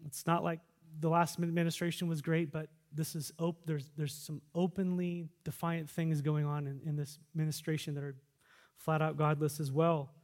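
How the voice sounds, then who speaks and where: A pastor preaching a sermon, swinging between loud fervent exhortation and quiet reflective asides. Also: male voice, a little high, level tone, normal speed. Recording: long reverb of a large hall.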